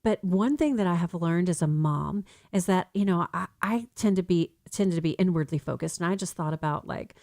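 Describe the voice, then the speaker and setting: A middle-aged American woman hosting a faith-based radio talk show, speaking in a casual, animated way. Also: on the low side, fairly quick, vocal fry, hardly any pauses, dry recording, clean studio sound. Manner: animated, mimics ads in a sing-song voice.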